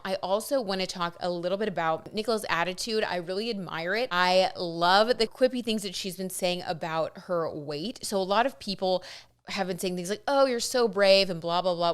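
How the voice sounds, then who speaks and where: A woman vlogger and tarot reader chatting excitedly to camera, full of asides and "like". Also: medium pitch. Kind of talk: casual gossip chat to camera.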